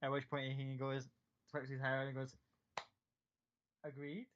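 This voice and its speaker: A man narrates a tabletop role-playing game as game master, relaxed and descriptive, often pausing to find the right word. His voice sits at an ordinary pitch, and the recording sounds dull and lo-fi.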